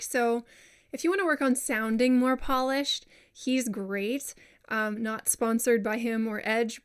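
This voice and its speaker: A woman voiceover coach gives a casual lesson, chatty and self-deprecating, saying example words aloud to demonstrate them. Her voice is fairly high, clear and resonant.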